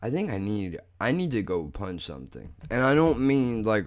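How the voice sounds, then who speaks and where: A young man hosting a podcast, talking in a blunt, profane, rambling way that turns angry fast. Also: fairly low pitch, sing-song. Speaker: podcast host. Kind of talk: casual monologue.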